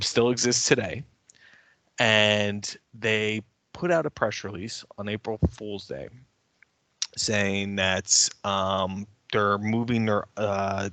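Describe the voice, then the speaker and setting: A man co-hosting a podcast, telling a story in a casual, animated way and getting worked up as he rants. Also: fairly low pitch, no room sound. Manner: animated, ranting storyteller who grows heated. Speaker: podcast co-host and editor.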